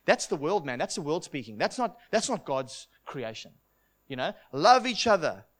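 A man's voice: a little high, very animated, moderate pace. A middle-aged man preaching a sermon in an earnest, heartfelt way, often repeating words as he starts a thought.

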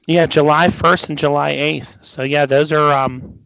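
A man's voice: fairly high pitch, fairly even intonation, unhurried, gravelly, fairly bright tone, clear, resonant tone, no room sound. A man co-hosting a casual wrestling podcast, rambling and hesitant with many restarts, a bit tired. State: yawning, tired. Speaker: podcast co-host. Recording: dull dry podcast audio.

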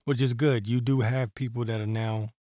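A man's voice: medium pitch, fairly even intonation, moderate pace, dark tone, dry recording. A man hosting a solo podcast, talking in a rambling, heated way with profanity and many fillers. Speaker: podcast host. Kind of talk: solo political commentary.

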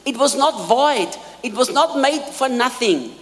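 A man preaching a sermon in a large hall, emphatic, repeating key lines and swinging between quiet asides and loud peaks. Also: very high-pitched, lively intonation, a little slow. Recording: long hall reverb.

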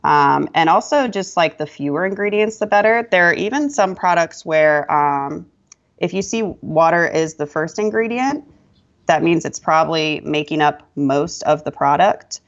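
A woman, a guest esthetician, giving relaxed advice in a casual podcast interview with many fillers. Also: low-pitched, moderate pace, dull audio. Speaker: guest esthetician and yoga instructor.

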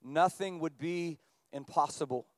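High-voiced preaching man, dry sound. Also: measured pace, no room sound. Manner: animated preaching, rising in pitch and volume as he builds. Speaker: pastor. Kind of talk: sermon.

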